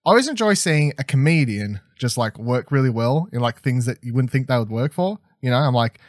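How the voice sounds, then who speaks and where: A man's voice: medium pitch, expressive, a little fast, no echo. Chatty, enthusiastic man in a dry room. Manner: enthusiastic, rambling, lots of fillers and restarts. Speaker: podcast co-host reviewing a TV episode. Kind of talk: casual chat.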